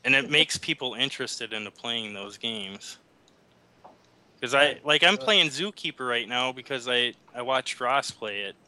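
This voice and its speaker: A man co-hosts a casual gaming podcast, chatting easily while he plays along. His voice is very bright and tense at the top. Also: mid-range voice, expressive, measured pace, rough recording. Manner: chatty, easygoing, laughs along. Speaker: podcast co-host.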